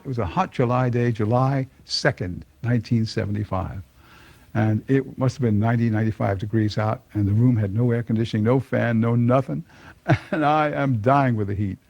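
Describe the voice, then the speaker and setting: A man's voice: medium pitch, a little fast, creaky, a little mellow, no echo. An older man telling a personal conversion story to an audience, folksy and chuckling often. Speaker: speaker giving a personal testimony.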